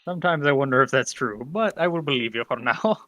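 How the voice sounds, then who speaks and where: A man's voice: medium pitch, animated, a little fast, fairly bright tone, no room sound, highs cut off. A man playing a tabletop game with blunt, joking banter. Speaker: player. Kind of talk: casual game chat.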